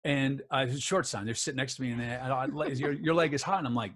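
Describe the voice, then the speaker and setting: A man's voice: medium pitch, fairly even intonation, quick pace, a bit bright. A middle-aged man telling a personal story in an interview, acting out the other people's lines as he goes. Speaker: guest, author and voice actor.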